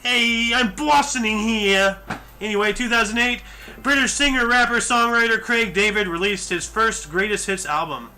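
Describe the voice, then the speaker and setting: A man with a high, very bright voice runs a casual podcast, rattling off dates and sports scores from a list. He breaks in with chatty, joking asides. Faint music plays under him. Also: fairly quick. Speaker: podcast host reading history events. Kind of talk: casual chat reading off a list.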